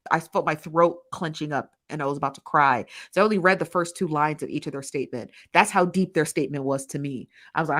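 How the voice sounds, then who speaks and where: A woman's voice: deep voice, a bit bright. A woman hosting a casual live-stream commentary, laughing often and calling viewers "honey" and "child" as she reads the chat.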